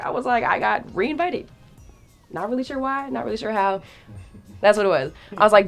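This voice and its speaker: Speaking fast against soft background music, this guest storyteller is a young woman with a medium-pitched voice. She keeps it slangy and lively, acting out quoted lines with big vocal jumps.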